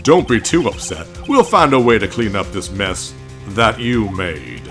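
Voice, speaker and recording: A man voicing a jolly, overfamiliar middle-aged police chief in a put-on Southern accent, folksy and loud with nicknames for everyone. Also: big pitch swings, measured pace, faint music behind. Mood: smooth. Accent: American Southern (put on). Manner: folksy, booming, hands out nicknames.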